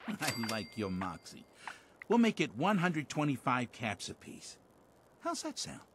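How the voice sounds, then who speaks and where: A man's voice: mid-range voice, huge pitch swings, unhurried, fairly bright tone, a little hiss or hum. An actor with a Boston accent voicing a boisterous, pushy male street vendor in a video game, full of hawking sales patter. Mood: jovial.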